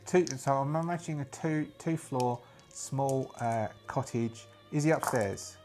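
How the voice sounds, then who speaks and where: A man's voice: medium pitch, darkish tone. A man improvising a solo tabletop role-play game, thinking aloud with hesitations and restarts.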